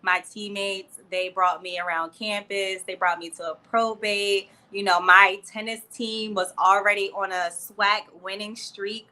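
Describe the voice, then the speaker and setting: A woman's voice: medium pitch, steady tone, measured pace, few pauses, pushed and bright. A woman in her twenties from New Jersey and Florida, a PR professional chatting as a friendly interview guest. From New Jersey and Florida, United States. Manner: friendly, chatty, laughs easily. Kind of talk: casual interview.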